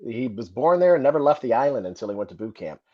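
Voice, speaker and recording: A man's voice: medium pitch, quick pace, dry recording, muffled recording. A man, a Marine veteran and firefighter, telling stories as a podcast guest and acting out the voices of others. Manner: animated storyteller, acts out quoted voices. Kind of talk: casual storytelling.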